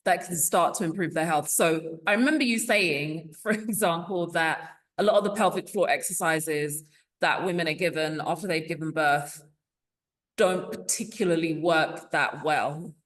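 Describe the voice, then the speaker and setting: A woman hosts a casual podcast interview. Her voice sits a little low. She asks her questions in a measured, thoughtful way. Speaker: podcast host.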